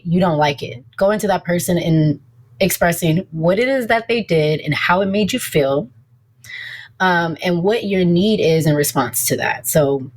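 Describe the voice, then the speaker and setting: Direct, lower-voiced woman therapist. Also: husky. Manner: direct, assertive, down-to-earth slang. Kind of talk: casual interview chat.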